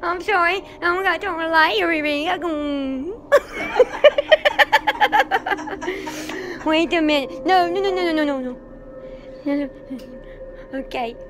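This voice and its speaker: A woman filming a comic home video in a dark house at night, whimpering and giggling as she pretends to be scared of a ghost. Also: extremely high pitch, normal speed. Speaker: comedy vlog host. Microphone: handheld camera.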